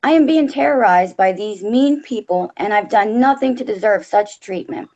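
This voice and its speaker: A woman's voice: medium pitch, animated, moderate pace, a little mellow, muffled recording, lightly acted. A woman reading a story aloud, voicing a helpless, injured little female bunny in a sweet, pleading tone.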